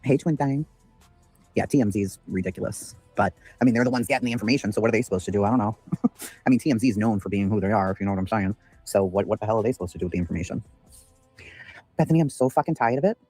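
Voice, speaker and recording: Fast-talking profane man hosting a livestream. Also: on the low side, darkish tone, slightly rough, dry recording, soft background music. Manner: profane, ranting, greets chat by name. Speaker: livestream host. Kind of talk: casual livestream commentary.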